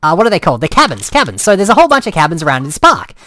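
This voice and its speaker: A man's voice: fairly high pitch, wildly swooping pitch, rapid-fire, pushed and bright, dry recording. A man telling a story in a casual way, acting out cries and sounds and often restarting his sentences. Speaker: storyteller and host.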